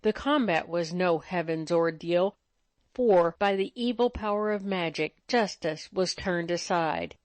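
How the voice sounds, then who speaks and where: A woman voicing a harsh, loud nobleman accusing a stranger in archaic speech, in a storybook reading. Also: sits high, unhurried, dry recording.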